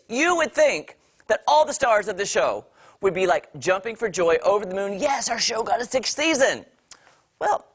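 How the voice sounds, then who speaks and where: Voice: medium pitch, fairly bright tone. Morning tv entertainment host, chatty and opinionated, talks right at the viewers, pretty emphatic. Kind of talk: opinionated entertainment news commentary. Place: TV studio.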